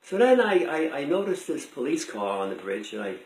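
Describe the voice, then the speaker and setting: An older man telling a personal story out loud in a rambling, conversational way with many restarts. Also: fairly high pitch, big pitch swings, brisk. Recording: roomy echo.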